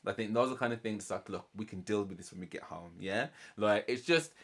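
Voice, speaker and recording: A man's voice: fairly low pitch, fairly quick, fairly bright tone. A British man hosting a reaction channel, giving a casual recap and breakdown of a TV show in a chatty, rambling way. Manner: chatty, heavy on "like" and "you know", acts out quotes from the show.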